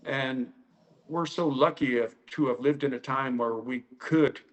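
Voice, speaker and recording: A karate instructor from the United States telling stories in an interview, rambling with many fillers and acting out the quoted lines. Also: male voice, mid-range voice, fairly even intonation, unhurried, dull audio. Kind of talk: storytelling interview.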